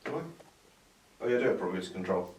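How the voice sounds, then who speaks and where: A man with a lowish voice chats loosely over a tabletop game, full of ums and self-mocking jokes. He sits away from the mic in a roomy space, with a faint hiss behind him. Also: very fast, darkish tone. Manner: chatty, self-mocking, hesitant with many ums. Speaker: tabletop game player and host. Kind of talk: casual gameplay banter. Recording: roomy sound from a distant mic with some noise.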